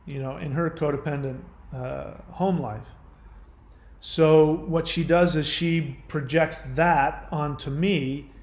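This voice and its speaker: A man's voice: a little high, reverberant. A man hosting his channel, explaining earnestly in unscripted talk and sometimes acting out the voices of people he quotes. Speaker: channel host.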